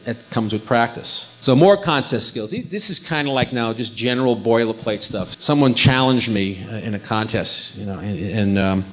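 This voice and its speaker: A man's voice: fairly low pitch, normal speed, hardly any pauses, fairly bright tone. A man giving an informal instructional talk, conversational and folksy, often repeating his words as he goes. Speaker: amateur radio contester giving a talk. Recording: dull lo-fi recording.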